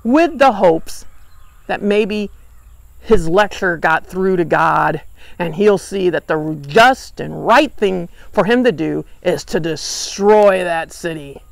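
Animated woman teaching Bible study. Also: fairly low pitch, takes it slowly, creaky, no room sound. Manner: animated, acts out the characters' lines. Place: church.

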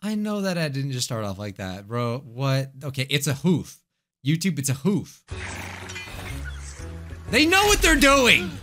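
Man, reaction host, jokey casual commentary, lively pitch, music in background. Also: measured pace, long pauses. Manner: animated, jokey. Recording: music playing behind voice.

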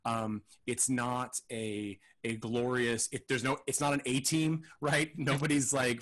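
This man sounds like a podcast co-host picking apart a movie. He thinks out loud, circling back with plenty of ums and restarts. His pitch sits at an ordinary middle. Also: steady tone, normal speed, hardly any pauses. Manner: rambling, hesitant, thinks aloud with many fillers. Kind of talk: casual film discussion.

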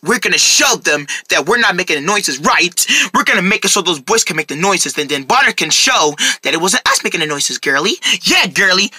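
A man performing a comedy skit, voicing excitable characters who burst into shouts. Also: high voice, fairly quick, hardly any pauses, breathy edge, no room sound.

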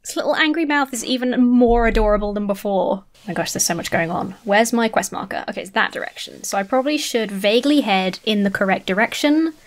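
A woman's voice: mid-range voice, brisk, hardly any pauses. A woman hosting a casual let's-play, chatty and gushing, swearing casually, with faint game music behind her. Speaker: gaming video host.

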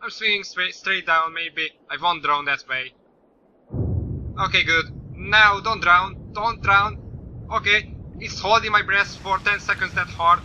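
A man doing let's-play commentary, swearing often and yelling at the game. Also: high voice, fairly even intonation, a little slow. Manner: swears a lot, yells at the game. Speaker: gaming YouTuber. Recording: slightly dull lo-fi mic with faint noise.

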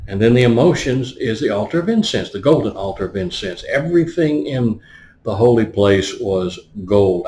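A man's voice: fairly low pitch, a little mellow, reverberant, a little hiss or hum. A man preaching a teaching sermon. He explains words one by one and often stops to ask "right?". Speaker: pastor.

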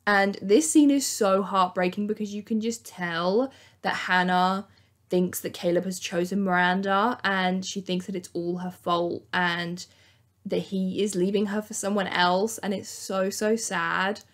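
A young woman hosting a casual, chatty TV recap, acting out quotes in an animated way. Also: medium pitch, unhurried. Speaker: YouTube host.

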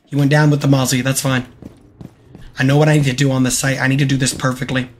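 A man streaming gameplay live, excitable and hyping himself up, repeating his phrases over and over. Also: medium pitch, fast, a little hiss or hum. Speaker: game streamer.

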